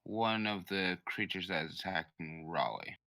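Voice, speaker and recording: Very deep, slow man playing a tabletop game. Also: expressive, vocal fry, sharp tone, no echo, clean studio sound. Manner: slow, narrates his character in third person. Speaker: player. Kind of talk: casual tabletop game play.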